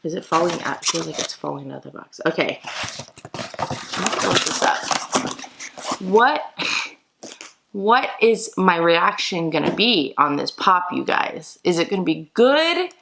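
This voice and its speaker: A woman vlogger chatting excitedly to her viewers while opening mystery boxes for an unboxing video. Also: lowish voice, measured pace, vocal fry, pauses often, very noisy. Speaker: toy collector vlogger. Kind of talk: casual unboxing vlog.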